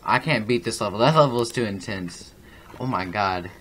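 A man with a somewhat low voice talks through a video game as he plays. His commentary rambles, then jumps into excitable reactions. Faint ambient noise sits under his voice. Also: moderate pace. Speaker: gaming channel host. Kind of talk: let's play commentary. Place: at a home computer.

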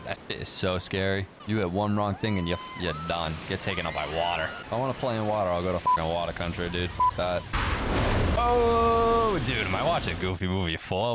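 A young man hosting a movie reaction, joking and swearing casually, with sudden gasps and shouts. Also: low-pitched.

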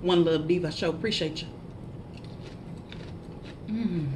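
A woman's voice: fairly low pitch, takes it slowly, background noise. A woman in a casual eating vlog, chatting to viewers between bites and humming as she chews. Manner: laughs at herself, animated shout-outs to viewers. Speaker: mukbang vlogger.

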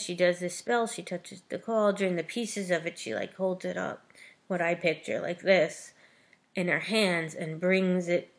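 A woman's voice: on the low side, creaky, a bit bright. A woman retelling a novel's plot in a chatty book review vlog, often saying "like" and "you know".

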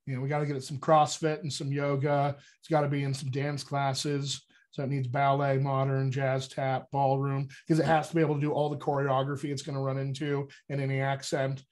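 A man's voice: medium pitch, monotone, a little fast, darkish tone. A man working as a dialect coach, explaining accent work in a casual, upbeat teaching manner with conversational fillers.

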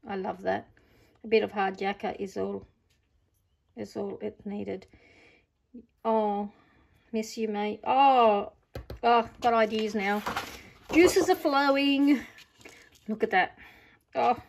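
A middle-aged Australian woman, a craft vlogger, unboxes her craft supplies while chatting casually and gushing with delighted exclamations. Her voice is fairly high-pitched and gravelly.

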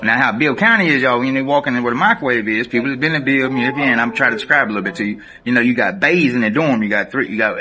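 Speaking straight to the camera in a Southern American accent, a man casually tells an animated, profane prison story and laughs often. His voice is medium in pitch.

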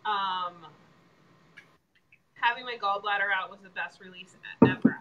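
A woman co-hosting a casual chat, quick to laugh and offering short supportive remarks. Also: medium pitch, noisy background. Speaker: co-host.

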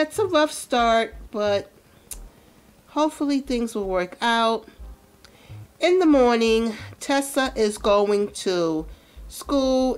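A woman hosting a let's play, chatting casually and animatedly as she comments on her game. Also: fairly high pitch. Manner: chatty, animated, laughs often. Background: faint music.

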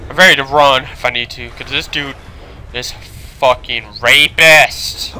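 A man playing a horror video game, commentating with panicky swearing, switching between yelling and muttering. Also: medium pitch, steady tone, a little slow, a little hiss or hum. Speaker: gaming video host.

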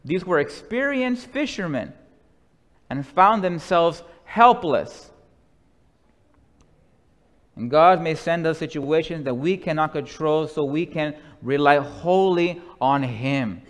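Man, pastor, sermon, slow deliberate delivery, slightly high voice, long church reverb. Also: animated. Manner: slow, deliberate preaching that drops to a soft hush. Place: church sanctuary.

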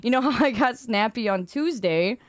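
A woman's voice: fairly high pitch, animated, moderate pace, no room sound. A woman game streamer chatting casually with her viewers, goofy and rambling, poking fun at herself and laughing often. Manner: goofy, rambling, self-mocking.

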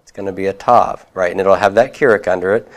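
A man's voice: sits low, fairly even intonation, fast. A man teaching a class, reviewing homework and prompting students with questions, with occasional chuckles.

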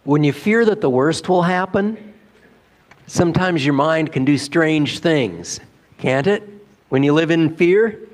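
A man's voice: on the high side, animated, unhurried. A male pastor preaching a sermon in a church, telling a story in a conversational way with rhetorical questions. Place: church sanctuary.

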